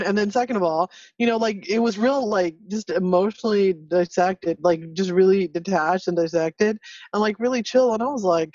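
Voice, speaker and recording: A woman co-host telling a story in a brash, animated way, swearing freely. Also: mid-range voice, fairly quick, dry recording. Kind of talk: casual storytelling. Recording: dull, distant from the mic.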